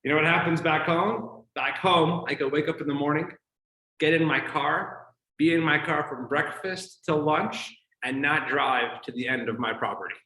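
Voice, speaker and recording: A man's voice: fairly high pitch, normal speed, sharp tone, echoey room, low-quality recording. A man playing a boastful Texan farmer while telling a joke in class. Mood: bragging. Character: boastful male Texan farmer, big-talking.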